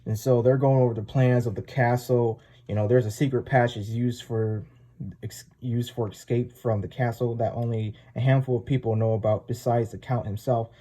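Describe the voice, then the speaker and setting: A man's voice: medium pitch, little pitch movement, normal speed, mellow. A man casually recapping a comic chapter, rambling and full of filler words. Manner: rambling, full of "like" and "you know". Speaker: comic reviewer.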